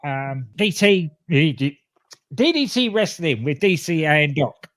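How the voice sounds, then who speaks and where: Slightly high-voiced podcast co-host man. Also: very animated, takes it slowly, a bit bright. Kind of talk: casual chat.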